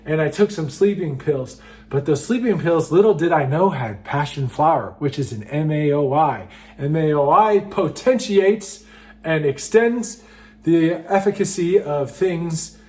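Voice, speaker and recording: Man, high-pitched, casual storytelling, excitable, filler-heavy. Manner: excitable, animated, lots of fillers like "just" and "like". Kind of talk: casual first-person storytelling.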